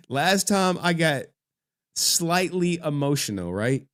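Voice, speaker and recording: This streamer has a fairly high voice with lively intonation, speaking slowly and leaving long pauses. He chats loosely with his audience, swearing and getting emotional as he reads their messages aloud. It's a studio-quality recording without any echo.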